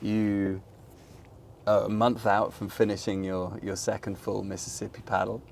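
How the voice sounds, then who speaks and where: A man in his forties with an English accent, hosting a casual interview, quick to laugh. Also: fairly low pitch, flat delivery, gravelly, a little hiss or hum. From England. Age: 40s. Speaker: host, interviewer.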